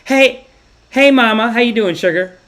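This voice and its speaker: A man voicing a hospital nurse woman who sweet-talks patients with drawn-out endearments. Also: very high-pitched, a bit bright, pitched above the performer's own voice. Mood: cooing.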